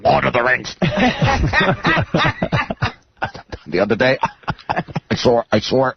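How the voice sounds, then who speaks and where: A man putting on the voice of a boastful, name-dropping middle-aged man who brags in halting bursts. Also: medium pitch, huge pitch swings, gravelly, exaggerated voice. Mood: smug. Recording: muffled radio broadcast with noise.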